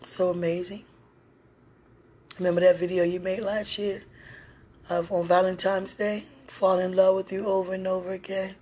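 Speaking from her home, a mother who hosts a podcast chats intimately with a single listener in a mid-range, slightly mellow voice with a breathy edge. Her delivery is flat and normal in speed, with frequent pauses, yet her tone is affectionate; she laughs often and keeps calling out to God.

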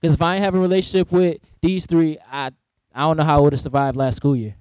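A young man hosting a casual school panel chat, telling stories in an animated, playful way. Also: on the high side, fast talker, smooth, dry recording. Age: young adult. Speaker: school staff and podcast host. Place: school room.

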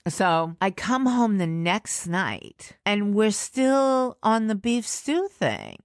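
Animated woman in her sixties telling stories. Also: takes it slowly, no room sound, studio quality. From New York. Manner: animated, acts out her own reactions with big pitch jumps. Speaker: podcast host. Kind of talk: personal storytelling.

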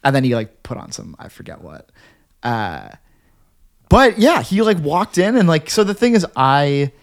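A man's voice: fairly high pitch, normal speed, vocal fry. A man co-hosting a podcast, telling a rambling story in casual chat, full of "like" and restarts. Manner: rambling, heavy filler "like", animated retelling. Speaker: podcast co-host.

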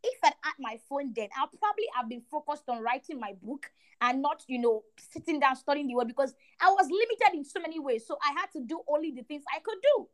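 High-voiced young woman telling faith stories. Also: brisk, hardly any pauses. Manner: animated storyteller, emphatic repetition. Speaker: podcast co-host. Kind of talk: faith testimony chat.

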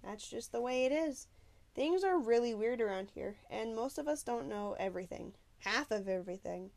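A nervous young boy, put on by a woman reading aloud. He blurts his lines a touch high and loud, eager to keep up. It is a storybook voice. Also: lively intonation, normal speed, creaky. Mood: matter-of-fact.

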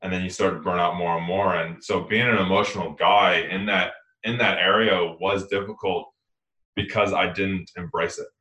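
A man's voice: low voice, fairly even intonation, normal speed, pushed and bright. A man co-hosting a casual podcast conversation, talking in an earnest, rambling way and often correcting himself mid-sentence. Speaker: podcast co-host. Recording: roomy echoey room.

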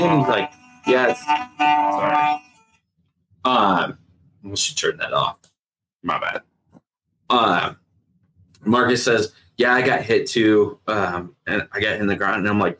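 A man's voice: fairly low pitch, moderate pace, low-quality recording. A middle-aged man, a retired sheriff's investigator, telling his story in a casual interview, acting out what others said. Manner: animated retelling with acted-out quotes and laughs.

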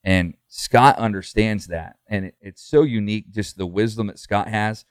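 Earnest pastor, low voice, dry mic. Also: male voice, normal speed, clean tone, dry recording. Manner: earnest, chatty, full of fillers and restarts. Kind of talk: casual podcast conversation.

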